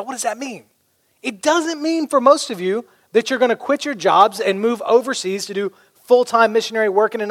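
A man preaching a sermon as pastor, conversational and humorous, telling stories. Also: high-pitched. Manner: conversational, humorous, animated storytelling. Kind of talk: sermon with storytelling.

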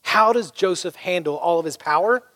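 A man's voice: high voice, normal speed. A man preaching a sermon as pastor, conversational and humorous, telling stories. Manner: conversational, humorous, animated storytelling. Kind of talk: sermon with storytelling.

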